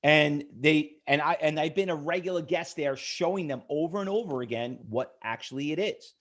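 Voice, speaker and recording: At normal speed, a middle-aged trading instructor with a slightly high, bit bright voice gives a live webinar sales pitch on day trading. Rhetorical questions pile up, and he calls out viewers by name.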